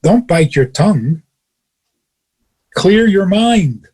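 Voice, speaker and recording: A man with a fairly high, husky voice gives a radio teaching as a rabbi. He chuckles often as he talks and drives his points home with pointed rhetorical questions. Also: animated, slow, darkish tone. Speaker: rabbi and radio show host. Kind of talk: teaching talk on a radio show.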